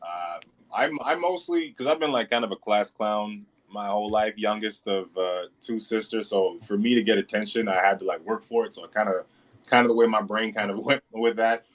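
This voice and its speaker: A man's voice: fairly low pitch, normal speed. A man in his thirties, a comedian guest, telling stories in an easygoing, self-deprecating way with chuckles. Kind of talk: casual storytelling.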